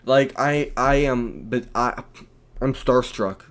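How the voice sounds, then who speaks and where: Brief: young man, casual home stream, rambling, animated, slangy storyteller. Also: mid-range voice, slow pace. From United States. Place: at home, indoors.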